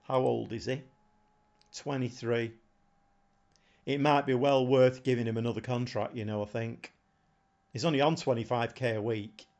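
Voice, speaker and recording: A man's voice: medium pitch, steady tone, moderate pace, long pauses, darkish tone. A man chatting casually on a live stream, thinking aloud in a rambling way and chuckling often. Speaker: game streamer.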